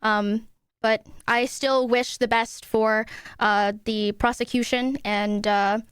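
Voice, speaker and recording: A woman streamer hams it up as the accused in a joking courtroom role-play. Her voice sits a little high and sounds smooth and clear. The recording is close and dry. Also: steady tone, slow, fairly bright tone, no room sound. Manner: playful, dramatic, mock-wounded. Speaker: streamer on trial in a mock court.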